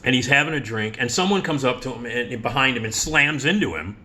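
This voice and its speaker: Bright-voiced man telling stories. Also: mid-range voice, fast. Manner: animated, profane, laughs while telling stories. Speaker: radio host. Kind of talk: casual storytelling monologue.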